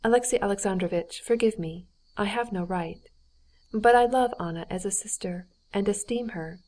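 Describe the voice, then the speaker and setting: A woman's voice: medium pitch, moderate pace, darkish tone, close to an everyday voice. A woman voicing a distressed noblewoman pleading for her friend in an audiobook, earnest and lifted in tone. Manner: earnest, pleading, raised and tearful. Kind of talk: audiobook character reading.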